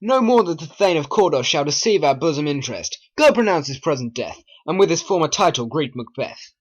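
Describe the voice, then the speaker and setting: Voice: mid-range voice, lively intonation, brisk, highs cut off, close to an everyday voice. A hobby voice actor voicing a gracious old king in a homemade stop-motion play, speaking formally and with stately weight. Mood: commanding. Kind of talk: homemade animation voice acting.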